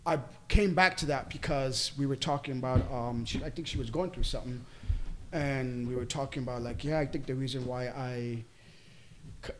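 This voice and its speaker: A man's voice: mid-range voice, a little hiss or hum. A man talking casually on a podcast, reflective and earnest with hesitant restarts. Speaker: podcast host. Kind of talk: casual group chat.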